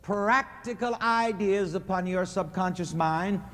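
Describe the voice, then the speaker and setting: A man preaching a call-and-response sermon in a church, leading the congregation to repeat his lines in a steady rhythm. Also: high-pitched, measured pace. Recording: echoey church hall recording.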